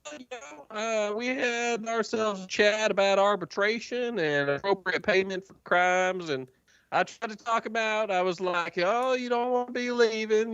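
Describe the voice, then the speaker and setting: A man's voice: high-pitched, a bit bright, smooth, no room sound, lo-fi sound, pitched above the performer's own voice. A man voicing a chatty, folksy male hobgoblin jailer in a tabletop game.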